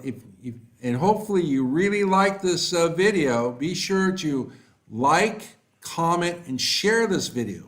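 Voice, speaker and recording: A man runs a live online lesson. His voice sits a little high for a man, and he takes his time with frequent "um"s and "so"s. He is warmly encouraging as he reacts to student answers. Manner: encouraging, praises students by name, unhurried with fillers. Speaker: online English tutor. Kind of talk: live online class, reading chat replies.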